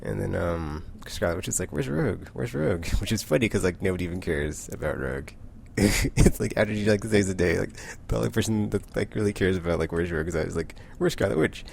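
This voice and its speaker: Deep, gravelly man rambling through a recap. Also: brisk, darkish tone, a little hiss or hum. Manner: rambling, heavy use of "like", frequent self-corrections. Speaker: comic book reviewer. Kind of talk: casual comic book recap.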